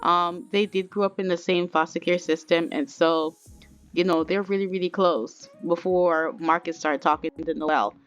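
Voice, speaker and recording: A woman's voice: on the low side, steady tone, normal speed, smooth, highs cut off. A young woman hosting a let's-play, narrating a life-sim story in a chatty, dramatic way and talking to her viewers. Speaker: gaming channel host.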